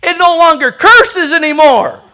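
A man preaching a lively sermon as pastor, animated and laughing as he goes, often calling out hallelujah. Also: very high-pitched, measured pace.

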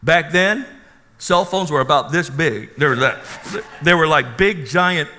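A man preaching his own testimony as an animated, dramatic storyteller, with a long hall reverb around him. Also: on the high side, a little slow.

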